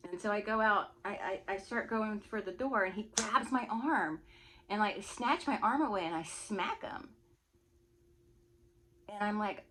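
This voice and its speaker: A woman vlogger telling a personal story in a chatty, animated way, often laughing. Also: mid-range voice, normal speed, a little hiss or hum. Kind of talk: casual storytelling.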